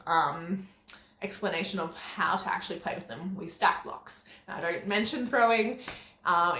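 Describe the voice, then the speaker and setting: A woman's voice: on the low side, fairly bright tone. Chatty young woman in an echoey room. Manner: chatty, with frequent ums and little laughs. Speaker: parenting vlogger. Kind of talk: casual advice talk to camera.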